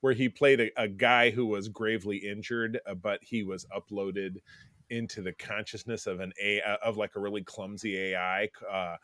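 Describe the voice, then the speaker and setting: A man's voice: on the low side, fairly even intonation, normal speed, fairly bright tone, no room sound. Rambling middle-aged man, dry close sound. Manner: rambling, digressive, many restarts. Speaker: podcast co-host. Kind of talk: casual chat.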